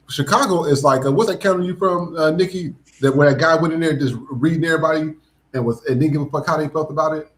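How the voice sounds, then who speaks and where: A man's voice: a little high, fast. A man hosting a podcast, ranting in casual political commentary with lots of profanity and mocking asides. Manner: profane, animated, mocking mimicry. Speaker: podcast host.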